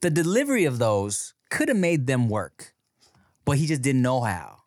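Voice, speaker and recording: A man co-hosting a podcast, reacting to a story and chiming in with quick comments in casual chat. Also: medium pitch, huge pitch swings, a little mellow. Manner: responsive listener, short reactions and quick comments. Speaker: podcast co-host. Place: podcast studio.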